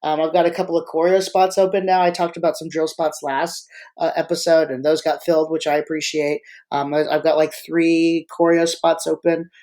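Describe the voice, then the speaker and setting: At a moderate pace and medium pitch, with little rise or fall and a touch of mellowness, a freelance marching arts choreographer rambles through a casual live podcast. Jokes come often, and sentences get abandoned and restarted.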